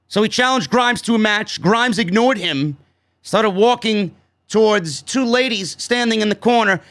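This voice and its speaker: A man's voice: high-pitched, fairly bright tone. A man from New York casually recapping a wrestling show, blunt, sarcastic and given to swearing.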